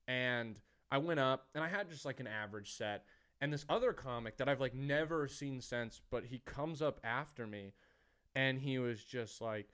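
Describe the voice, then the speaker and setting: A man hosting a comedy podcast, telling stories in casual chat, swearing often and acting out other people's lines loudly. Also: mid-range voice, moderate pace, clean tone. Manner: animated, acts out quotes loudly, swears often.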